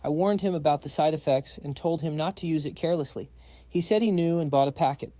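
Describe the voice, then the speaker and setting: A man's voice: on the high side, fast, warm tone, no room sound, close to an everyday voice. A man voicing a pharmacist giving a plain, matter-of-fact account.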